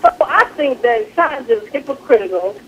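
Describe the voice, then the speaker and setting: A woman's voice: on the high side, animated, normal speed, muffled recording, over a noisy crowd. A woman calling in to a talk show, speaking in a feisty, sassy way and talking over others. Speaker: caller. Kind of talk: casual call-in chat.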